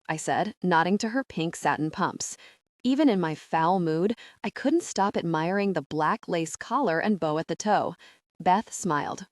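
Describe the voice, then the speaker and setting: A woman narrating a first-person audiobook with an expressive, measured reading. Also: lowish voice, dry recording, studio quality.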